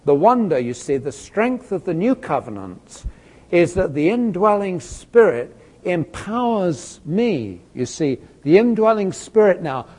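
A male lecturer with a fairly high voice teaches a class in a lively, conversational way. He tells a long illustration, drops in fillers and teasing asides to students, and often swings between loud, pushed phrases and soft, quiet ones. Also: measured pace, husky.

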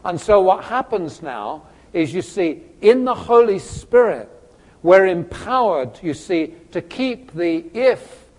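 Animated, fairly high-voiced male lecturer. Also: takes it slowly. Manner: animated and conversational, with many fillers and asides to students. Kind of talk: classroom teaching with an extended illustration. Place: classroom.

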